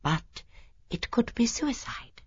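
A woman reading an audiobook and voicing an elderly woman sleuth who is gentle, prim and quietly stubborn. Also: slow, no echo, muffled recording, close to an everyday voice. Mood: hushed, shocked. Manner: soft, polite and quietly insistent.

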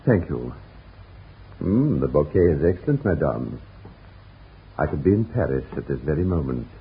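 An actor playing a shrewd, suave Parisian novelist with a polished, probing manner in a vintage radio drama. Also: male voice, extremely low pitch, big pitch swings, normal speed, exaggerated voice. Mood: genial. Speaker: visiting novelist. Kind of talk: 1940s radio acting. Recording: tinny old radio broadcast.

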